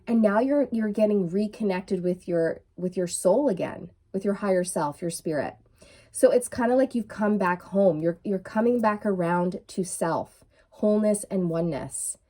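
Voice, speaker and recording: A woman giving a casual, excitable tarot reading to her viewers, full of fillers and restarts, with a frog in her throat. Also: medium pitch, normal speed. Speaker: tarot reader. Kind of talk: intuitive tarot reading to camera.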